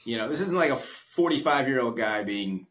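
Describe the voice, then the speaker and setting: A man's voice: medium pitch, lively intonation, moderate pace, fairly bright tone. A man co-hosting a casual podcast chat, talking in a reflective, rambling way with plenty of fillers.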